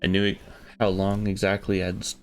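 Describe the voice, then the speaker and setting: A man's voice: sits low, completely flat delivery, normal speed, faint music behind. A man streaming a visual novel, reading the narration aloud in an earnest storytelling manner.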